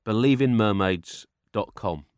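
A man's voice: fairly low pitch, measured pace, dry recording, studio quality. A man co-hosting a satirical comedy chat, with a mock-pompous, newsreader-style delivery. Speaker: comedy podcast co-host.

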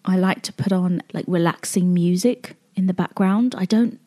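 British woman, podcast host, lowish voice, open, confessional, emotional solo talk. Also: moderate pace, dark tone. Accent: British English.

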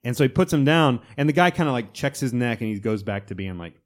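A man hosting a casual podcast chat, lively and jumping into put-on voices when he quotes film scenes. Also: medium pitch, quick pace. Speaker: podcast host.

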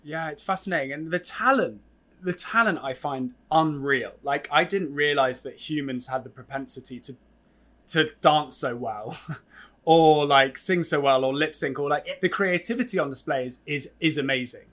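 Young English-born host, bright forward tone, rambling questions. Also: male voice, a little high, normal speed. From England. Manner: rambling, hesitant questions with many restarts. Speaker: podcast co-host. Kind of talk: casual interview chat.

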